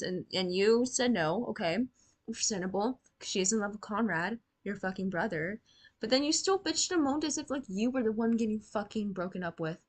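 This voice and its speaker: A woman's voice: medium pitch, expressive, fairly quick. Sarcastic woman ranting about a show. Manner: blunt, sarcastic, swears freely, talks straight to the show's characters. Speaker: show reaction commentator. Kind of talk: casual reaction commentary.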